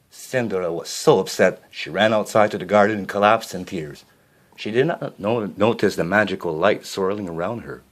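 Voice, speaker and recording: A man reading a children's storybook aloud, expressive, with a few small slips and restarts. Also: on the low side, moderate pace.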